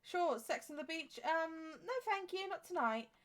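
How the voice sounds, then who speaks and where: A woman's voice: very high-pitched, expressive, measured pace, a bit bright, voice pushed up, exaggerated voice. A woman voicing an offhand vampire barman who serves drinks in a life-sim game in a clipped way.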